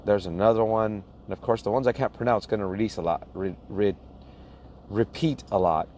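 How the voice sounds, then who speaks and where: A man's voice: on the low side, steady tone, a little mellow, dull audio, a little hiss or hum. A man talking casually to his viewers and reading out a list of places, plain-spoken and chuckling at names he cannot pronounce. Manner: slow, plain-spoken, laughs at his own mispronunciations. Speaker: box truck owner-operator vlogger.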